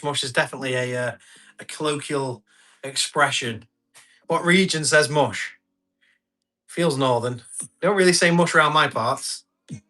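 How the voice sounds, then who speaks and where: A man with a bright, forceful voice that sits a little high. He chats loosely while running a live auction, reading out numbers and comments and laughing easily. Faint music plays behind him. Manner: chatty, laughs often, reads out bids and comments. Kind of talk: casual live-stream selling chat.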